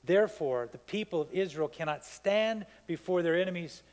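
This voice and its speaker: A man preaching a sermon as pastor, telling stories in an animated way that builds to fired-up peaks. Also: sits high, moderate pace. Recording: long hall reverb.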